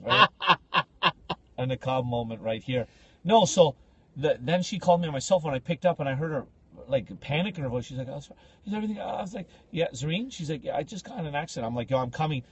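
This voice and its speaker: Animated husky young man. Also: fairly high pitch, brisk. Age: young adult. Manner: animated, acts out voices in his stories. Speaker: podcast co-host. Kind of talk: casual storytelling chat.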